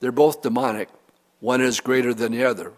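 In a hall with long reverb, a man preaches as pastor, voicing scripture aloud and then unpacking it with earnest expression and pauses. His voice sits in the mid range.

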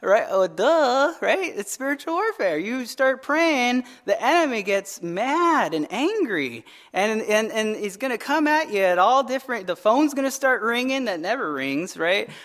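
A man preaching a sermon as pastor, telling stories in an animated way, often asking "right?" and repeating words as he starts phrases. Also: high-pitched, unhurried, few pauses. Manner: animated storytelling with frequent "right?" tag questions.

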